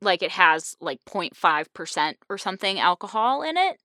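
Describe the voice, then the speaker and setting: Young woman host, lively bright delivery, dry close sound, casual chat. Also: lowish voice, normal speed, no echo. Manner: animated, laughing, with many restarts. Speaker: podcast host.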